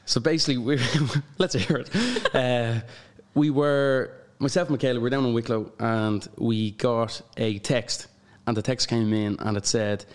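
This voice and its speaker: A young man with an Irish accent, a guest telling stories in an animated way and laughing often. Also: medium pitch, a little slow, hardly any pauses, clean tone. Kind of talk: casual chat.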